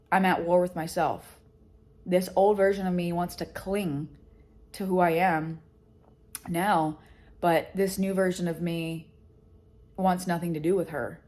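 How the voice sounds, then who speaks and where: Woman, slightly low voice, candid personal vlog, emotional, blunt, frequent swearing. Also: darkish tone. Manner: frank, emotional, swears freely. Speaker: vlogger and education company founder.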